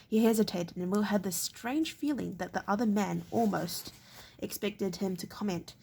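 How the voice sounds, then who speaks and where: A woman reads a novel aloud in a gravelly, husky voice. She goes haltingly, often tripping over a word and starting it again. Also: mid-range voice, a little mellow. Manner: halting, often stumbling and restarting words. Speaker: reader.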